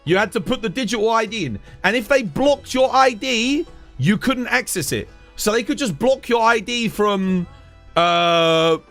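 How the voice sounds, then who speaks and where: This heated live rant comes from a man from the United Kingdom who swears often and keeps addressing his listeners as "dude." His voice sits high and sounds a bit bright.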